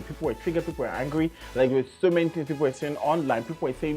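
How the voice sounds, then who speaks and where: A man with a Nigerian accent hosting a radio show, talking in an animated, casual way and repeating words for emphasis. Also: on the high side, quick pace, soft background music. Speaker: radio host.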